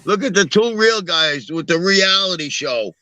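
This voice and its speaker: A man's voice: high voice, expressive, normal speed, pushed and bright, no room sound. A middle-aged man from Long Island, hosting a live-stream and telling blunt, profane street stories. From Long Island, New York. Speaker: show host. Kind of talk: casual live-stream talk.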